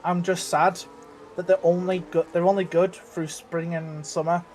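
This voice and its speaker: A man's voice: sits high, little pitch movement, moderate pace, darkish tone, a little hiss or hum. A man co-commentating an online racing league, chatting and predicting lap times with frequent restarts. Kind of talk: casual race analysis and banter.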